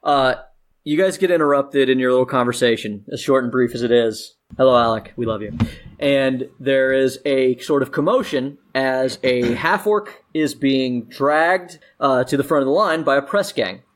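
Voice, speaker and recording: A man's voice: mid-range voice, normal speed. A man running a tabletop game as game master, narrating casually and joking with his players. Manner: casual, joking, laughs often.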